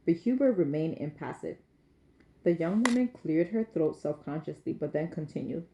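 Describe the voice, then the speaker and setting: 低く柔らかな声で小説を朗読する女性. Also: female voice, sits low, expressive, normal speed, dark tone, slight background noise. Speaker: podcast host. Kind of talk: reading a novel aloud.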